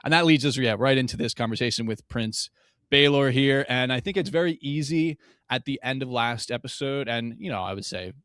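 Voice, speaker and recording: A man's voice: mid-range voice, brisk, fairly bright tone, no room sound, studio quality. A man co-hosting a podcast, thoughtfully walking through scenes of a TV episode in casual chat. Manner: thoughtful, walks through scenes with hedging fillers. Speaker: podcast co-host.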